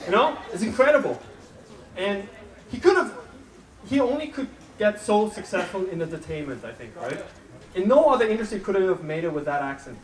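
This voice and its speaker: A man's voice: sits high, sing-song. A man from Austria doing a live stand-up set in a club, chatting with the audience and restarting his sentences. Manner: conversational, chats with audience, halting restarts. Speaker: stand-up comedian. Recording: roomy club, distant mic, crowd noise.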